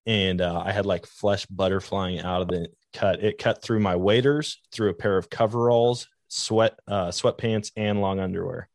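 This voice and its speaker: A man with a low voice hosts a podcast, telling his stories in a casual, meandering way. He leans on "like" as a filler. The sound is dry and close. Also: steady tone, normal speed, hardly any pauses, no echo. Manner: rambling anecdotes with many "like" fillers. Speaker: podcast host. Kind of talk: casual storytelling chat.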